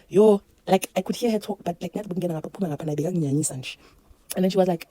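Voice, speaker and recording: South African woman, casual storyteller, husky, brisk delivery. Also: fairly low pitch, no room sound. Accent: South African, Zulu-mixed English. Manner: animated, code-switching, laughing through a birth story. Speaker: vlogger.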